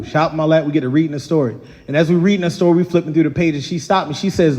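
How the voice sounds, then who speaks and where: On a large theater stage, a Baltimore-accented man in his thirties performs stand-up, telling stories and acting out quoted voices with animation. He talks fast in a high-ish voice, and the live room carries a long reverb.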